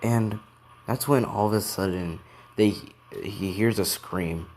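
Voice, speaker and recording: Low-voiced man telling a rambling story. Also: slow pace, darkish tone, slight background noise. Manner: rambling, with restarts. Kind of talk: improvised fan story narration.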